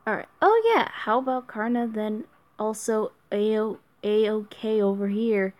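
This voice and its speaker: A young woman streams a mobile game, chatting casually and reading viewer chat aloud as she answers. Her medium-pitched voice is flat and unhurried, and the recording sounds muffled.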